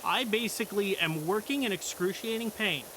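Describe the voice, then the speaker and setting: A man's voice: sits high, moderate pace, pushed and bright, a little hiss or hum. A young man streaming, telling a work story in a blunt, profane, exasperated way. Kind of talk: casual storytelling.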